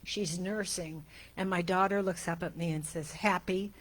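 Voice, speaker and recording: An older woman minister giving a sermon, chatting through family stories and then slowly reading a prayer aloud. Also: on the low side, fairly even intonation. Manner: chatty storytelling, then slow deliberate reading. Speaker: guest minister.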